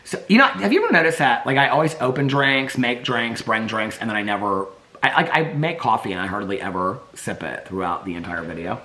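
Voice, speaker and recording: Chatty man with a bright, animated voice. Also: medium pitch, brisk. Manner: chatty, rambling, baby-talks to his dogs. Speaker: vlogger. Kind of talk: casual chat. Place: home.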